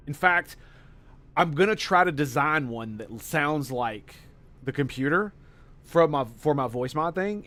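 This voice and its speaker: A man giving let's play commentary as a gaming streamer, excitable and profane, gushing over every detail. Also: medium pitch.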